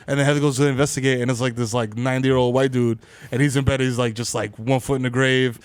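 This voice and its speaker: Excitable New man on a dry mic. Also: medium pitch, fast, few pauses, clear, resonant tone, dry recording. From the Bronx, New York. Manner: excitable, profane storytelling with shouted asides. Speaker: podcast co-host. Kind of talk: casual comedic banter.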